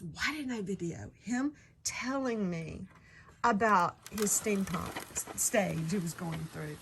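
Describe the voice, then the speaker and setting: A middle-aged woman talks in a casual home vlog, her voice bright and sharp and swinging widely up and down. She gushes in excited bursts and gets emotional, filming on a handheld phone indoors with a faint hiss behind her. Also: mid-range voice. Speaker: craft vlogger. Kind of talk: casual chat.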